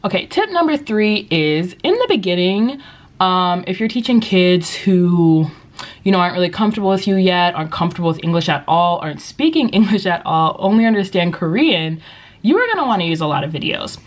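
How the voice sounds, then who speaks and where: Young woman teaching english, chatty vlog tips, kinda low voice, lots of likes and you knows, talking into her camera. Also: animated, fairly quick. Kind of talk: casual advice vlog. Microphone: compact vlogging camera.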